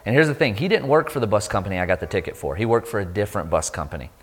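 A man giving a sermon testimony, telling his story with lively energy and acting out the voices of people he met. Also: fairly low pitch, very fast. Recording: long hall reverb.

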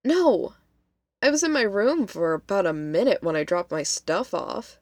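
A woman's voice: mid-range voice, very animated, unhurried, no room sound. A woman voicing a busy, matter-of-fact young female college student. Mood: brisk.

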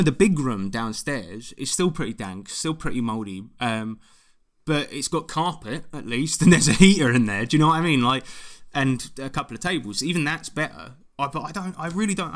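A man's voice: mid-range voice, expressive, brisk. A man, ranting animatedly and swearing often in a casual chat. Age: 20s.

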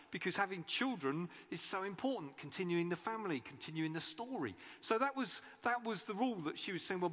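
A man's voice: sits high, a bit bright. A man preaching a chatty, conversational sermon in church, with playful asides to his listeners. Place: church hall. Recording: reverberant church hall.

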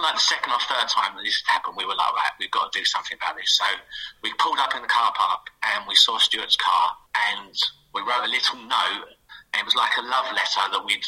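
A middle-aged man telling a lively anecdote as a guest on a radio show, putting on playful voices for the people he quotes. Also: lowish voice, breathy edge, poor audio. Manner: fast, animated storytelling with playful quoted voices. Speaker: guest, former footballer.

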